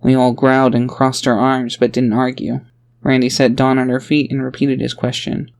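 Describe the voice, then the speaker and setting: A man reading a fantasy audiobook aloud, his narration even and steady. His voice sits at a middle pitch, neither high nor low. The delivery is scripted and unhurried. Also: vocal fry.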